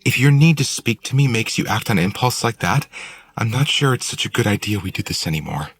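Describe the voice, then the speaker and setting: A man's voice: fairly low pitch, lively intonation, brisk, breathy edge, soft background music, pitched above the performer's own voice. A man reading an audiobook and voicing a blunt, curious woman who possesses another's body, lifting his voice to play her. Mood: stern.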